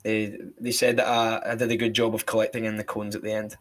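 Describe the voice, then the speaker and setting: A man's voice: fairly low pitch, monotone, fast. A man with a Falkirk and Glasgow Scottish accent, hosting a casual podcast and telling stories against himself in a chatty way. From Scotland. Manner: self-mocking, chatty storyteller. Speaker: podcast host.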